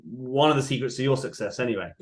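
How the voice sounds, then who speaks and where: A man's voice: mid-range voice, fast talker. A man as a podcast guest, talking casually and reflectively, now and then mimicking how other people speak. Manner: reflective, sometimes mimics voices while making a point.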